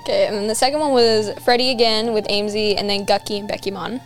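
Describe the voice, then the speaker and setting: A woman's voice: mid-range voice, fairly even intonation, fast, soft background music. A young woman co-hosting a podcast, chatting casually and rambling through stories with many restarts. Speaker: podcast co-host. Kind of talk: casual chat.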